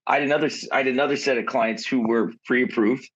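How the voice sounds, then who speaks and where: A man's voice: mid-range voice, fast talker, fairly bright tone, dull audio. A man co-hosting a podcast, giving blunt, outspoken advice and swearing casually. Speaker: podcast co-host, realtor.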